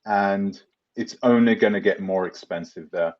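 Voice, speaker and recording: A man's voice: lowish voice, moderate pace, darkish tone, lo-fi sound. Chatty London man hosting a livestream. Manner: chatty, rambling, laughs often, addresses viewers by name. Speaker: live stream host. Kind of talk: live Q&A reading viewer comments.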